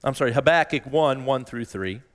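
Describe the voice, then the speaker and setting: A man preaching a sermon as pastor, earnest and given to repeating phrases, rising in pitch when he voices a desperate plea. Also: lively intonation, normal speed. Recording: long reverb in a large hall.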